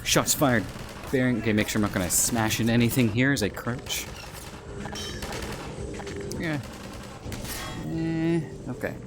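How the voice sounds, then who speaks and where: A man's voice: mid-range voice, a little slow, long pauses, background noise. A man, an author, rambling and joking in casual commentary while he plays a VR game. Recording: game music behind.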